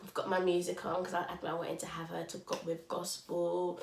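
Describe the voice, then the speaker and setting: A woman's voice: lowish voice, moderate pace, creaky, slight background noise. A young woman, casually telling a story on a podcast, acting out quotes and laughing. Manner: animated, acts out quotes loudly and laughs. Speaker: podcast co-host. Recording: roomy echo.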